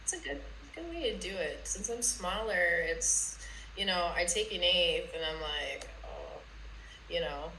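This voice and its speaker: A woman's voice: lowish voice, lively intonation, moderate pace, sharp tone, echoey room, slight background noise, poor audio. A young woman guesting on a podcast, chatting in a chill, blunt way, swearing casually and calling people bro. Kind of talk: casual chat.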